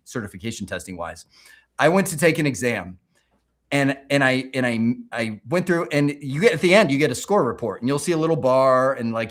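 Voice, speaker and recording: A man of ordinary pitch hosts a casual livestream chat. He tells his stories in an animated, rambling way. He often trips over his words and starts his sentences again. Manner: animated, rambling storytelling with many restarts. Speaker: livestream host.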